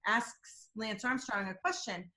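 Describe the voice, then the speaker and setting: A woman guest explaining deception cues in an interview, telling animated stories and acting out quotes. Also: medium pitch, measured pace. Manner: animated storytelling, acts out quotes. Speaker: body language and deception expert guest. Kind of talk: interview answers with examples.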